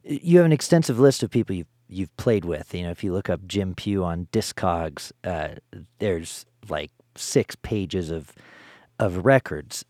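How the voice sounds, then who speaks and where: A man's voice: sits low, warm tone, no echo, studio quality. A man interviewing a musician in a casual way, asking easygoing questions. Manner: brief affirmations, easygoing questions.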